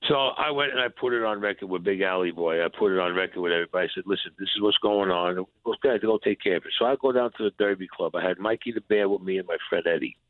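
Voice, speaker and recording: A man's voice: low voice, quick pace, few pauses, no echo. A man telling a story in an interview, acting out both sides of old conversations in blunt, profane street talk. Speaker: guest, former mob enforcer. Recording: tinny phone line.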